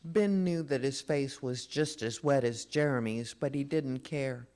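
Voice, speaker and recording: A reader at a memorial service, reading a children's story aloud in a slow, expressive way. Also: mid-range voice.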